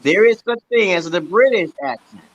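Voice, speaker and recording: A man's voice: high voice, expressive, normal speed, a bit bright, muffled recording. A man from Brooklyn, New York, hosting a livestream and lecturing in an emphatic, repetitive, insistent way. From Brooklyn, New York, USA. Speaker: livestream host.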